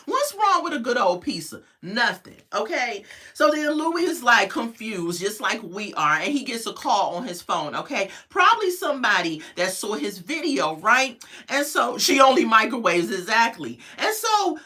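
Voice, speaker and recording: A woman's voice: medium pitch, normal speed. A woman reviewing a reality show in casual, sassy commentary, acting out what people said. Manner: animated, sassy, acts out quotes.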